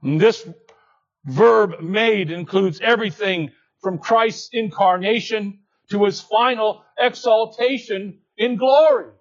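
A man with a high voice preaches a careful expository sermon at an unhurried pace. He sinks into hushed low passages and then climbs back to emphatic declarations. The recording is muffled and lo-fi. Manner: deliberate, swings between hushed low tones and raised emphatic lines.

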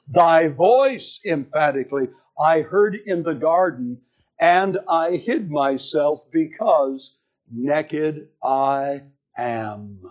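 Male preacher, very slow, emphatic, dull lo-fi recording. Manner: slow, emphatic delivery with dramatic pitch swings. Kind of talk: sermon.

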